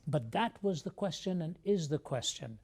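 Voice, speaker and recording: A man from India, a guest on a TV interview show, telling his life story in a measured, earnest way. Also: a little high, animated, darkish tone, husky.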